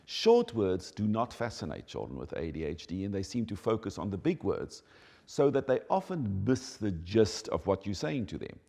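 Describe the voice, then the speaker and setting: Male educator, deep warm tone, expressive teaching delivery, reverberant hall. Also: normal speed, creaky. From South Africa. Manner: animated, emphatic teaching delivery. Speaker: educator on child development. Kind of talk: explanatory talk.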